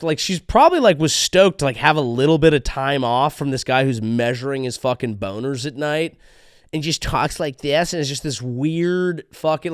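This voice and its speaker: A male comedian hosting a podcast, riffing in a rambling, profane, animated monologue. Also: mid-range voice, no echo, studio quality.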